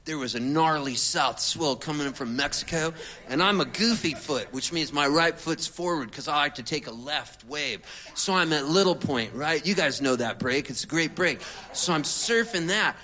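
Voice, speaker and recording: A middle-aged man, a singer-songwriter, telling a rambling comic story to an audience in a conversational, animated way. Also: on the high side, moderate pace.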